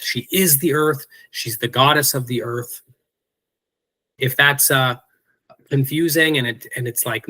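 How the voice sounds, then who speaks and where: A man's voice: medium pitch, pushed and bright, poor audio. A man teaching an online mythology class, explaining in a casual way with asides and fillers.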